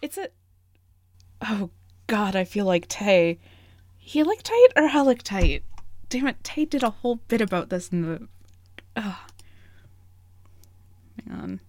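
A woman's voice: mid-range voice, sing-song, a little slow, long pauses. A woman voice actor chatting and joking through bloopers. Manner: joking, self-mocking. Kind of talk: outtakes chatter.

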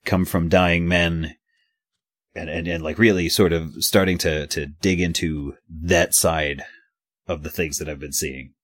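A man's voice: deep voice, steady tone, a little slow, no echo, clean studio sound. A man playing a tabletop game in a rambling, stammering way with some swearing. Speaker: player. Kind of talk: tabletop role-play.

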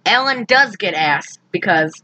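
A woman chatting casually about a movie, animated and quick to act out characters' lines in high, loud voices. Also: low-quality recording. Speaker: podcast co-host recapping a movie. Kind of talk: casual chat.

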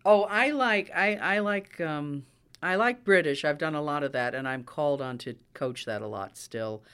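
A man's voice: a little high, moderate pace, fairly bright tone, clear, resonant tone. A man who acts and coaches dialects, explaining accents in an interview with eager, detailed answers. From United States. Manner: explanatory, enthusiastic about accents.

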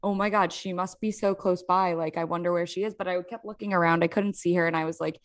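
A woman with a Philadelphia accent, co-hosting a casual podcast and telling an animated story full of "like"s. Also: fairly low pitch, fast. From South Jersey near Philadelphia. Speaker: podcast co-host. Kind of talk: casual chat.

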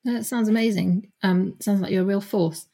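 A woman hosts a podcast in an easy, meandering way, often pausing on ums and restarting her sentences. Her voice sits at a middle pitch. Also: fairly even intonation, vocal fry, mellow. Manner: friendly, hesitant, many ums and restarts. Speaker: podcast host. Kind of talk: casual interview chat.

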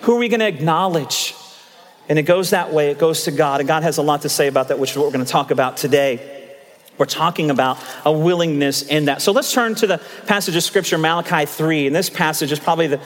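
High-voiced, fast-talking pastor in his fifties. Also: long reverb tail. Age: 50s. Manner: animated, conversational storytelling with asides to the congregation. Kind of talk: sermon. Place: church sanctuary.

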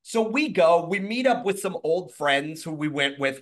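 Animated man telling a story. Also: on the high side, measured pace, hardly any pauses. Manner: animated, acts out quotes in shifting voices; swears freely. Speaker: guest telling a personal story. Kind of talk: casual storytelling.

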